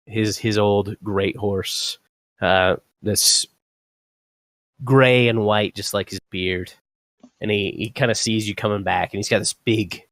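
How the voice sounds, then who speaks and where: A young man narrating as dungeon master, halting and full of fillers and restarts. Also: lowish voice, fairly bright tone, no room sound. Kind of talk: narrating a tabletop game.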